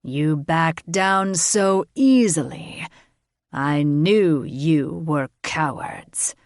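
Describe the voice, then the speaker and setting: A blustering male dragon king, voiced by a woman speaks in a deep, slow, commanding voice with a growl behind every threat. His speech is deliberate and loud, close and dry. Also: dry recording. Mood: menacing.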